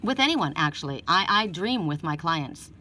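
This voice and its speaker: A woman with a lowish voice gives an oracle card reading, mixing advice with stories from her own life. She talks earnestly and rambles, often restarting her sentences. Her voice sits a little away from the microphone. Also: very animated, normal speed, pushed and bright, far from the mic.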